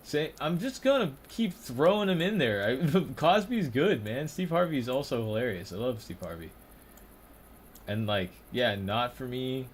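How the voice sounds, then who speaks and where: A young man rambles through stream commentary, swearing freely and laughing between thoughts. His voice sits at an ordinary pitch for a man. A faint ambient hum runs underneath. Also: very animated, measured pace. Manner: rambling, profane, laughing often. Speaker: streamer ranking comedians. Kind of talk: casual live-stream commentary.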